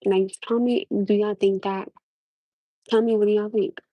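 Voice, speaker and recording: A young woman livestreaming from her phone, with a faint New York tinge and a mellow, warm tone. She talks in a loose, animated way, restarting sentences and pressing her viewers for their opinion. Her voice sounds dry and close, with no room around it. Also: mid-range voice, moderate pace, no echo, poor audio. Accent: New York-tinged American. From Norwalk, USA. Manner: animated, repeats questions to the audience, restarts often. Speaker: livestream host. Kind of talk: casual livestream chat to viewers.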